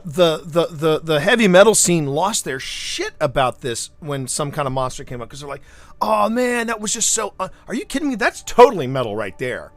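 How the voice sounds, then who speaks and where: Animated man rambling on a livestream. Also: high voice, dry recording. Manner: animated storyteller, rambling with restarts. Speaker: streamer. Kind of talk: casual livestream chat.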